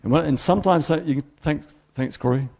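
A middle-aged man preaches, his voice gravelly and a little husky. He tells stories with animated, self-deprecating energy. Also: a little high, brisk. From New Zealand. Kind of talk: sermon.

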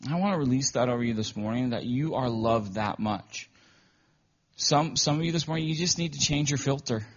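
A man's voice: medium pitch, a little fast. A man preaching a sermon in a conversational, storytelling way, often emotional. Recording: dull lo-fi recording.

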